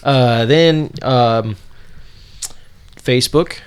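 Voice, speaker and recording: A man co-hosting a casual podcast, running through the show's plugs in a halting, filler-heavy, playful way. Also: mid-range voice, clear, resonant tone. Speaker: podcast co-host. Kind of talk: casual chat, reading show plugs.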